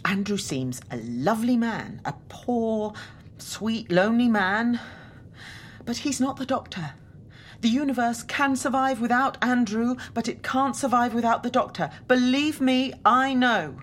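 A woman's voice: on the high side, expressive, a little slow, slight background noise. An actress playing a loyal female companion who speaks earnestly and with passion. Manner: earnest, impassioned.

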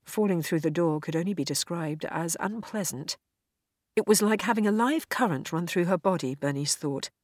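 A woman reads a story aloud with a measured, expressive delivery. Her voice is lower than most women's, and the recording is very dry and close, with no room sound at all. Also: no echo. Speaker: narrator. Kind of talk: audiobook reading.

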